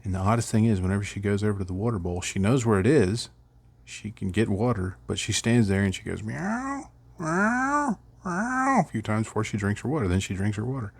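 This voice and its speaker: A man's voice: fairly low pitch, fairly even intonation, fast talker, a little mellow, slightly rough, no echo. A middle-aged man casually rambling through a miniature painting tutorial, chuckling at his own slips.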